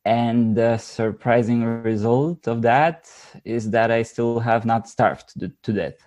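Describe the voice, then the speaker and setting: A man with a Bulgarian accent chats as a podcast guest about his translation work. His voice is mellow and darkly toned, and he talks in a relaxed, wry way. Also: medium pitch, slow. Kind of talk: casual podcast chat.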